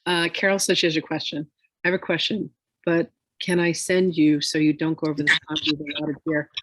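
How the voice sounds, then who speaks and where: A woman's voice: deep voice, little pitch movement, fairly quick, fairly bright tone, no echo. A woman spiritual teacher in a casual chat, telling rambling, chatty stories.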